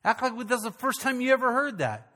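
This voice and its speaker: A man preaching a sermon as pastor, animated and calling out questions to his congregation. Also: very high-pitched, brisk, long reverb tail.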